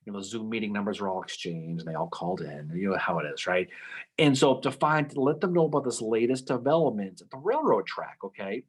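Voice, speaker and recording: A man co-hosting a casual history podcast, telling the story with lively acted-out quotes and frequent "okay?" asides. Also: lowish voice, a little fast, breathy edge. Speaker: podcast co-host.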